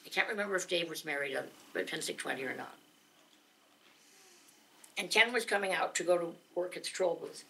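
A woman telling a humorous story live at a gathering, dramatic and lively, laughing along as she goes. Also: lowish voice, brisk, vocal fry, long pauses. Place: gathering of singers, indoors.

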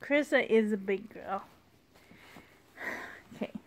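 Slow, gushing woman doll vlogger. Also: mid-range voice. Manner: rambling, gushing and apologetic. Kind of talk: casual show-and-tell vlog.

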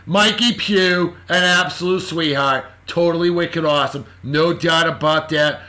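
A boisterous man hosting a casual vlog, giving shout-outs in rowdy slang and swinging between yelling and muttering. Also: fairly high pitch, unhurried, few pauses.

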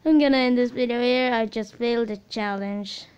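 A woman giving excitable reaction commentary full of gasping exclamations while watching a video. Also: a little high, a little fast, clean tone, dull audio. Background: loud music from the watched video.

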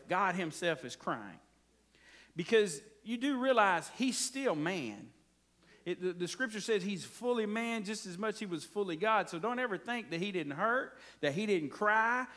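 A man's voice: high voice, a bit bright. A man preaching a folksy, conversational sermon, often checking in with his congregation. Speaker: pastor.

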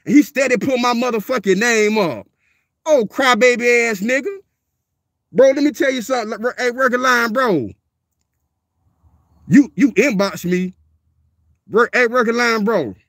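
A man, speaking very high for a man, rants on a livestream. He is blunt and profane, hammering the same lines over and over. The sound is dry and close, with no room echo. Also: measured pace, pauses often, a bit bright. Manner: profane, confrontational, repeats himself. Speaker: dog breeder and livestreamer. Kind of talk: livestream rant.

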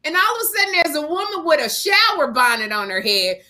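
Animated, bright-voiced woman co-host. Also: high voice, a little fast, few pauses, a little hiss or hum. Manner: animated storyteller, acts out other voices. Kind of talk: casual comedic chat.

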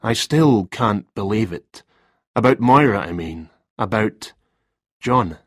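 A man's voice: fairly low pitch, animated, takes it slowly, dry recording, studio quality. A man voicing a nervous male freelance writer in a story reading, talking in a hesitant, defensive way.

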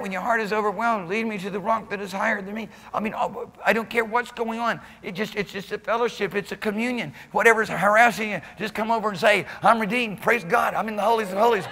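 A man preaching a sermon as pastor, fervent, dropping to quiet talk and rising to shouts. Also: high-pitched, in a large hall. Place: church sanctuary.

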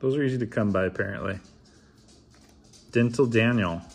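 A man's voice: fairly low pitch, normal speed, breathy edge. Wry, mumbling man opening cards. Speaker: card opener. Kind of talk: casual card-opening vlog.

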